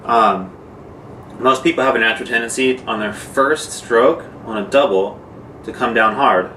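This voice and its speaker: In a casual drum lesson, a man explains strokes plainly and informally, using fillers and demonstrating as he goes. He talks at normal speed and ordinary pitch, recorded from across an echoey room with background noise.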